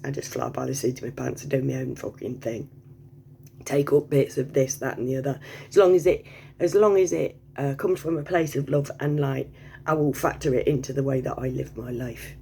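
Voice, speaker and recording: A woman's voice: very deep voice, fairly even intonation, brisk, vocal fry, dark tone, slight background noise. A woman vlogging in a casual, rambling monologue, swearing freely, digressing, and laughing often.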